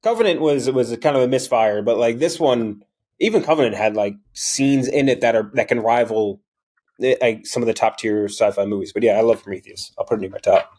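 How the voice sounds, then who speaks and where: Man, casual podcast co-host, excited, swears a lot. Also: mid-range voice, fairly quick. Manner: enthusiastic, swears freely. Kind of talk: casual movie podcast chat.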